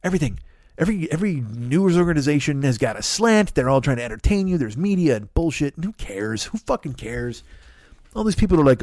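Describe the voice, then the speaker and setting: A man's voice: on the high side, sing-song, fast, a little mellow, no echo, clean studio sound. A man in his forties hosting a comedy podcast, delivering a profane, ranting monologue full of mocking impressions. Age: 40s.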